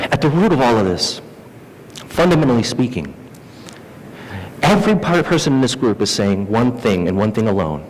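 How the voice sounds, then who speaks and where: A man's voice: very animated, brisk, long pauses. A man preaching a sermon as pastor, who acts out the voices of the people he quotes. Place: church hall. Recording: reverberant church hall with faint rumble.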